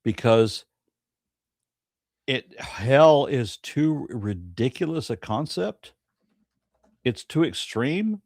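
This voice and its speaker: A man's voice: medium pitch, very animated, very slow, pauses often, darkish tone, dry recording, clean studio sound. A man co-hosting a live stream, talking bluntly and emphatically, with some profanity. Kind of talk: casual debate review chat.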